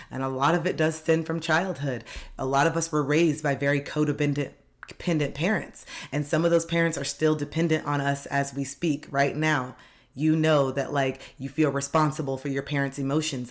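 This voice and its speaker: Earnest woman coaching on self-help. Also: low-pitched. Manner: earnest and direct, repeats key phrases for emphasis. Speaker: life coach. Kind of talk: motivational self-help talk to camera.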